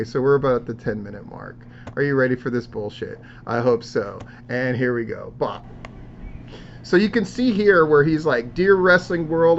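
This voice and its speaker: A man hosting a podcast, reading social media posts aloud in casual, profane, sarcastic commentary. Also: medium pitch. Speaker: podcast host. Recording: dull lo-fi sound with faint noise.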